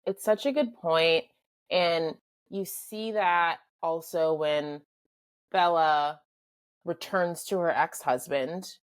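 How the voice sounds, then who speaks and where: Podcast co-host, woman, slightly low voice, calm explainer in casual talk. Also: slow, no room sound. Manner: explains calmly, mimics characters. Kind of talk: casual film review chat.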